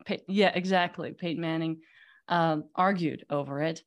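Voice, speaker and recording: A woman, a magazine CEO telling lively anecdotes as a podcast guest. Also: sits low, normal speed. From Netherlands. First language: Dutch. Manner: animated storyteller, lively anecdotes. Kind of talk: casual interview chat.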